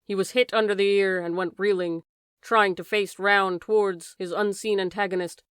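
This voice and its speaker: A woman narrating a classic science fiction novel as an audiobook, reading dramatically and raising her voice for shouted lines. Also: medium pitch, fairly even intonation, moderate pace, smooth, dry recording, studio quality. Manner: raises voice sharply for shouted lines.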